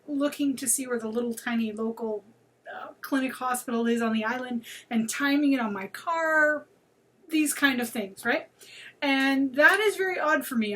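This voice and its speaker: A woman's voice: fairly high pitch, a bit bright. Emphatic woman telling a personal story. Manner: emphatic, repeats words for effect. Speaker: psychic medium answering viewer questions.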